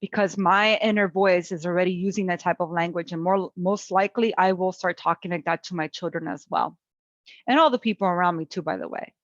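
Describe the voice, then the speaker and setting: A middle-aged woman teaching a parenting webinar, gentle and coaching in tone, talking through calm self-talk. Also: on the low side, a little fast, dry recording, muffled recording. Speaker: parent educator.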